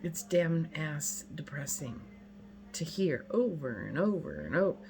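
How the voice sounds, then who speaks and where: A vlogger in her fifties rants casually to her viewers, venting bluntly and emphatically and repeating herself out of exasperation. Her voice is low and sing-song at a measured pace, and the audio is poor.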